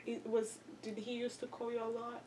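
Woman host, gentle prompting questions, distant mic with clear background noise. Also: on the high side, completely flat delivery, brisk. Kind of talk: interview questions and backchannels.

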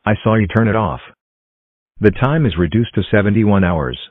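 A man voicing a male robot error figure that warns the user in a flat, threatening way and gets more irritated as it goes on. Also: on the low side, moderate pace, no room sound. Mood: stern. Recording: dry, phone-like tinny sound.

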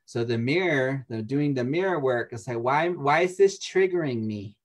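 A man talking in an easy, conversational way as a guest in an interview. His delivery is animated, with frequent laughter, and he acts out other people's voices when he quotes them. His pitch sits in the middle range. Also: moderate pace. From United States. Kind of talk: casual spiritual talk.

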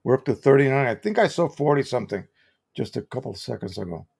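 A man's voice: mid-range voice, expressive, quick pace, creaky, darkish tone, slightly rough. An American man hosting a live stream, explaining printing in a chatty, casual way with examples and restarts.

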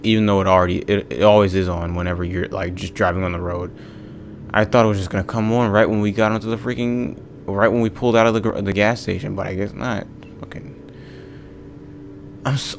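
A man's voice: deep voice, creaky, a little hiss or hum. A young man hosting a let's play, exasperated and ranting at the game, swearing often. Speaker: gaming video host.

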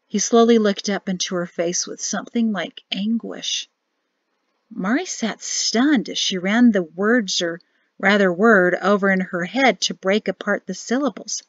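Woman narrator, audiobook reading, expressive, dry dull recording. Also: mid-range voice, unhurried, no room sound. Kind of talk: scripted narration.

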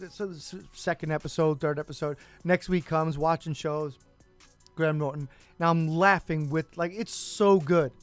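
Chatty male radio co-host telling stories. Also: fairly high pitch. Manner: animated storyteller who cuts in to correct. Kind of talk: casual radio banter.

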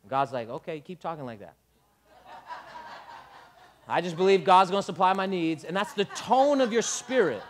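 A man preaching a sermon as pastor, animated, acting out dialogue and building up to shouts. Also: high-pitched, normal speed, long pauses, slight background noise.

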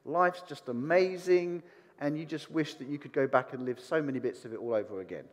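A man preaching a sermon, animated and putting questions to the congregation. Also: a little high, fairly quick, long reverb tail. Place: church hall.

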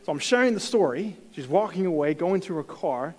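A man sharing a personal testimony in a sermon, telling the story with animated stammered restarts and bursts of laughter. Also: a little high, fairly quick, long reverb tail, poor audio. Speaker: church speaker sharing a testimony.

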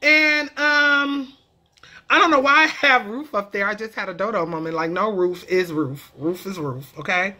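Woman vlogger, casual comedic explainer; animated and cheeky with a sharp, bright tone. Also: medium pitch, moderate pace. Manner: animated, profane, playful banter.

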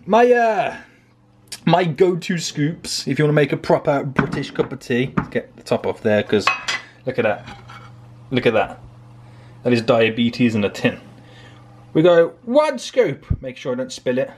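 A man's voice: mid-range voice, animated, a little slow, long pauses, a little mellow. A man vlogging a playful cooking demo in his home kitchen, filming on a handheld phone and narrating each step with jokes. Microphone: handheld phone camera.

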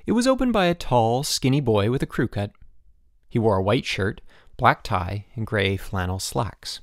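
Expressive male audiobook narrator. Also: fairly low pitch, normal speed, dry recording, clean studio sound. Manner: expressive storytelling. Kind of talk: scripted narration.

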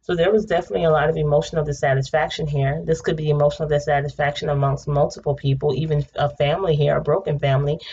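Woman, low gravelly voice, casual tarot reader, chatty and blunt with swearing, slightly muffled recording. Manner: chatty, swears freely, breaks into excited laughter. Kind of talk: casual tarot reading monologue. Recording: slightly dull home recording with faint noise.

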